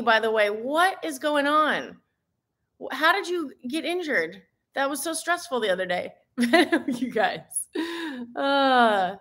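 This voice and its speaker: A woman's voice: sits high, lively intonation, takes it slowly, bright, forceful tone. Gushing, teary woman live-streaming. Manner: gushing, exclaims often, laughs between lines. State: teary, emotional. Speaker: fitness live-stream host. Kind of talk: casual live-stream chat.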